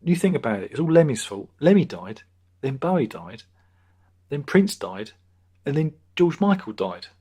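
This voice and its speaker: A man's voice: a little high, big pitch swings, moderate pace, warm tone, slightly rough. A man in his fifties hosting a casual live stream, rambling through viewer comments with crude jokes and lots of repetition. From Britain. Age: 50s. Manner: rambling, jokey, crude asides, many repetitions. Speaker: livestream host.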